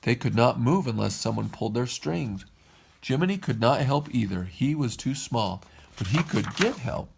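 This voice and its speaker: Gravelly dad reading a storybook aloud. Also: male voice, mid-range voice, moderate pace. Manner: expressive, lilting read-aloud. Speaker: father reading to his kids. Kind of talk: storybook read-aloud narration.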